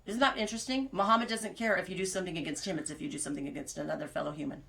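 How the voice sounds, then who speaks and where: A woman's voice: on the low side, fairly even intonation, racing, gravelly, fairly bright tone. A woman hosting a podcast, chatting casually and rambling through stories, laughing at her own jokes. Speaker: podcast host. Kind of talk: casual chat.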